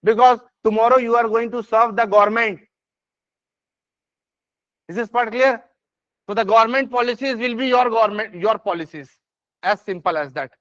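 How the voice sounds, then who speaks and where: Speaking in a high, fairly bright voice with no room sound, this Indian English-accented man lectures a class on writing exam essays. Emphatic and full of fillers and restarts, he repeatedly checks understanding with "yes or no?" and "is this part clear?" The lo-fi audio is dry and slightly dull.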